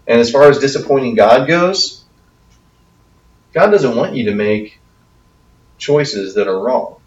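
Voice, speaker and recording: A man's voice: mid-range voice, animated, unhurried, dull audio. A man as youth pastor giving a conversational talk to teens, often checking in with "okay?". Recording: echoey room, from a distance.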